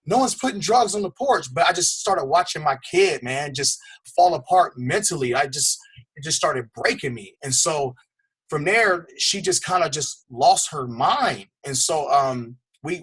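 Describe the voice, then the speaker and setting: A man's voice: medium pitch, fairly bright tone, husky. A middle-aged man, a fitness trainer, telling a personal story in a candid, conversational way on a call. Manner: candid, conversational, repeats words and uses "man".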